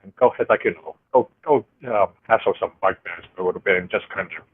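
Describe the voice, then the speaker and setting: A man's voice: deep voice, fast, slightly rough, phone-quality sound. A man playing a tabletop game, trading laid-back jokes in casual chat. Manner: laid-back, joking banter. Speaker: player.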